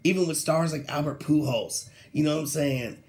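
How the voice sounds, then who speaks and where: A young man hosting a sports talk show, ranting casually with slang, laughing mid-sentence and mocking quoted players in a lower voice. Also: moderate pace, darkish tone. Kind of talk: casual solo sports rant.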